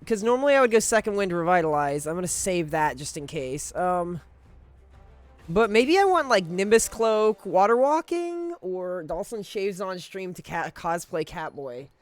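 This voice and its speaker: A man's voice: sits high, no echo. A man streaming a video game, chatting casually to his viewers in a rambling, profane way, often cutting himself off and chuckling.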